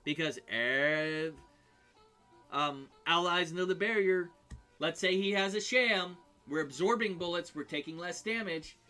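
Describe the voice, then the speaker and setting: A man on a live game stream walks through a character build in a loose, unscripted way, pausing on ums and restarting his sentences. His voice sits a bit high and sounds bright and forward, with faint music playing underneath. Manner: thinking aloud with many ums and restarts. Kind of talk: casual game build talk.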